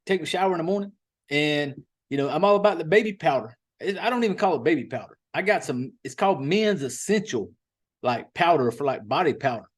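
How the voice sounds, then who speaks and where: A man's voice: on the high side, lively intonation, brisk, slightly rough. A man hosting a podcast, rambling casually and profanely, with drawled slang. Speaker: podcast host.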